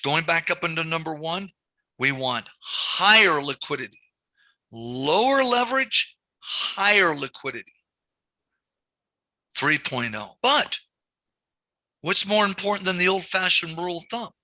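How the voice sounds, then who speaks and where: Guy teaching a small business lending class, really bright voice, dry close mic, repeats stuff a lot. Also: on the high side, measured pace, long pauses, dry recording. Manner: animated storytelling, repeats key points. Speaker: banking instructor. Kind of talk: classroom lecture.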